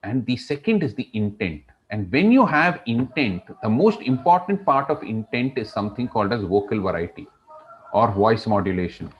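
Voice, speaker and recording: Man, public speaking instructor, online class, punchy shifting emphasis, dramatic pauses, video call audio. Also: fairly low pitch, very animated, muffled recording. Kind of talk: online class lecture with storytelling.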